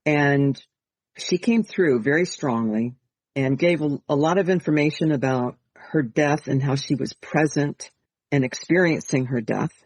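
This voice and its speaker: A man hosting a podcast, explaining things calmly and patiently in a slightly raised voice. He sits close to the mic in a dry, dead room. Nothing echoes around him. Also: fairly high pitch. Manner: calm, explanatory, measured. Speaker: podcast host and medium. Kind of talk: casual podcast conversation.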